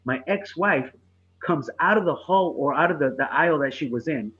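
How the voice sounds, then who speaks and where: A man, a comedian, casually telling a profane story on a podcast, getting animated and laughing through the punchline. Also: a little high, moderate pace, husky, highs cut off.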